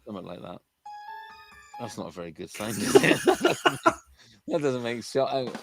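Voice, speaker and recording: A man's voice: mid-range voice, wildly swooping pitch, moderate pace, gravelly, faint music behind. A man hosting a charity podcast livestream in casual, jokey chat, often tripping over his words. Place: home room during a livestream.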